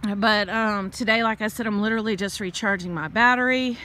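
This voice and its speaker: A middle-aged woman, talking casually while walking outdoors, out of breath, chatty and quick to laugh. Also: mid-range voice, steady tone, sharp tone. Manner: chatty, laughs often, rambles into rants. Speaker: vlogger and tarot reader.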